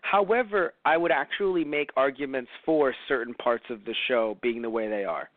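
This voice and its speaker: A man co-hosting a podcast in casual chat, animated and acting out quoted voices. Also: mid-range voice, normal speed, no echo. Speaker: podcast co-host. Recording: tinny phone-like sound, dry.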